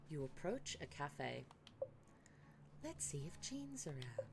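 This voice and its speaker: A woman streamer chats her way through a cozy game, rambling and poking fun at herself as she plans character voices. Her voice is low and gravelly, unhurried, over a faint hiss of background noise. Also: big pitch swings. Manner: chatty, self-deprecating, thinking aloud. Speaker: live-streamer. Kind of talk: casual gaming stream chat.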